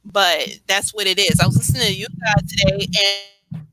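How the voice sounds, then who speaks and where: A woman with a New York accent chatting casually on a late-night show, animated and rambling, laughing often. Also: mid-range voice, moderate pace, dry recording, low-quality recording. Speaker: co-host.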